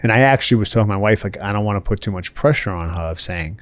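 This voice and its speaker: A man's voice: fairly low pitch, fast, no room sound. A middle-aged man from the Bronx, chatting candidly as a podcast guest, laughing often and saying "you know" a lot. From the Bronx, New York. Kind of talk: casual interview chat.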